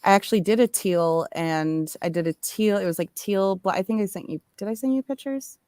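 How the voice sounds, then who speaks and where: A woman's voice: mid-range voice, fairly quick, a little mellow, clear, resonant tone, no room sound, studio quality. A woman co-hosting a casual livestream, rambling and correcting herself as she talks. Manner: rambling, self-correcting, giggly. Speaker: livestream co-host. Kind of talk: casual chat.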